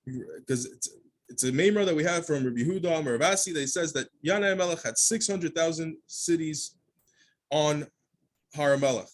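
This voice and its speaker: A man's voice: a little high, fast, slight background noise. A man, a rabbi, teaches a daily Talmud class, reading each Aramaic phrase and then explaining it in English, often restarting mid-sentence.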